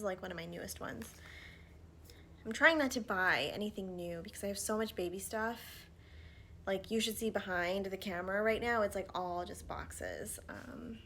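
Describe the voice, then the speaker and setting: A woman in her thirties talking casually to camera while doing her makeup at home, chatty with frequent fillers and soft murmured asides, a little out of breath. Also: mid-range voice, a little hiss or hum. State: slightly out of breath from pregnancy. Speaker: vlogger. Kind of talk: casual get-ready-with-me chat. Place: at home, indoors.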